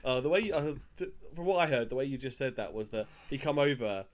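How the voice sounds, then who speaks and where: A man's voice: medium pitch, animated, quick pace. Man laughing through a podcast recap. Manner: laughs often while recapping. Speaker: podcast co-host. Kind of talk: casual chat.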